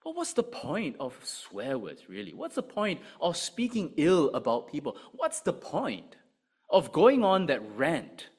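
A man preaching a sermon, asking rhetorical questions and swinging between loud emphasis and quiet, low asides. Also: measured pace, slightly rough. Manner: animated, rhetorical questions, rises and drops sharply in volume.

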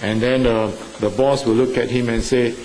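A male preacher speaking at a mid pitch, earnest and halting, dotting his sentences with fillers and lifting his voice for emphasis. A faint hiss of background noise sits under the recording. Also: fairly even intonation, a little mellow, poor audio. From Singapore or Malaysia. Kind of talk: sermon.

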